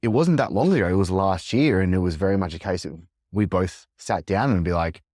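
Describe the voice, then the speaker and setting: A man's voice: sits low, a little fast, darkish tone, dry recording, studio quality. A man in his thirties hosting a podcast, speaking reflectively and thinking aloud with many restarts. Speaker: podcast host. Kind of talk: reflective conversation.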